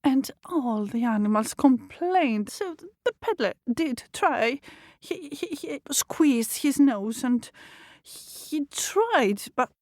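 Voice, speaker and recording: Lively woman telling a children's story. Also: sits high, slow pace, dry recording, studio quality. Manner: lively, addresses young listeners.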